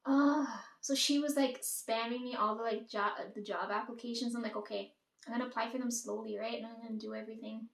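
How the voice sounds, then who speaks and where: A woman's voice: fairly high pitch, fairly even intonation, quick pace, vocal fry. Rambling young woman in a roomy echo. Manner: rambling, swears freely, quotes others in dialogue. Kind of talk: casual storytime monologue. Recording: roomy echo, distant from mic.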